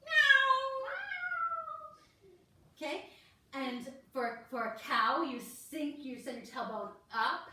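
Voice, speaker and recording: A woman's voice: sits high, measured pace, sharp tone, far from the mic. A woman teaching a kids yoga class, encouraging and talking the children through each pose step by step. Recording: echoey room, voice from off the mic.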